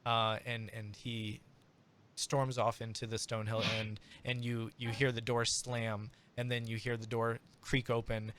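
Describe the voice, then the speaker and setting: A man narrating as game master in a halting, casual way. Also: medium pitch, level tone, a bit bright. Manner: halting, many fillers and restarts.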